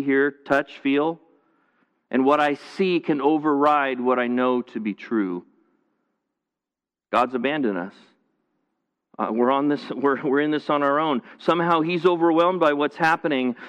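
A man preaches in a conversational style, circling back on his phrases and restarting as he goes. His voice sits in the middle range and carries a long reverb. The sound is a little dull and muffled. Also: mid-range voice. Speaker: pastor. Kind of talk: sermon. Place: church, streamed to viewers at home.

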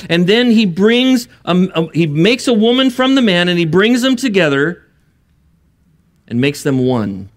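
A man preaching a sermon, earnest and building to emphatic bursts, with joking asides. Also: high-pitched. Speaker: pastor.

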